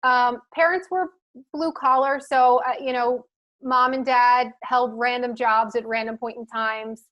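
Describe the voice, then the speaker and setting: A woman from the Philadelphia suburbs, a marketing leader appearing as a podcast guest, chats casually with a light Philadelphia accent, thinking aloud with many fillers. Her voice is on the high side, unhurried, and fairly even in intonation, with the highs cut off.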